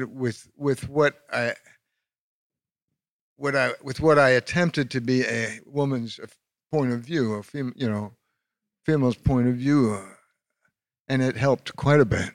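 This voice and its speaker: A man's voice: mid-range voice, no room sound. Man, actor, dry close sound; wry, stammering candor. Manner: joking, candid, stammering restarts. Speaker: actor on a festival panel. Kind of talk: panel discussion.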